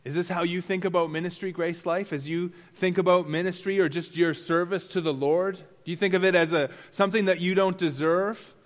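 Man, pastor preaching, high voice, earnest, rhetorical questions, stumbles and repeats, long reverb. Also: steady tone, brisk, few pauses. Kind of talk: sermon.

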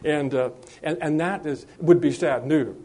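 A man preaching a sermon, speaking in a measured way with frequent hesitations and restarts, and slowing down and lifting his voice when he reads scripture aloud. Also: on the high side, a little mellow. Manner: slows and lifts his voice when reading scripture.

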